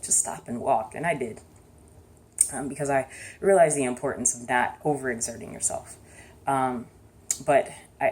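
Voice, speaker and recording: Very low-voiced woman, reflective vlog. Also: a little hiss or hum. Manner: thoughtful, hesitant, soft-spoken. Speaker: vlogger. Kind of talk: casual reflective monologue.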